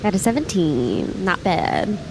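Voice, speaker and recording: A woman's voice: on the low side, sing-song, measured pace, creaky, slight background noise. A woman playing a tabletop game, describing her character casually with many filler "like"s. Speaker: player.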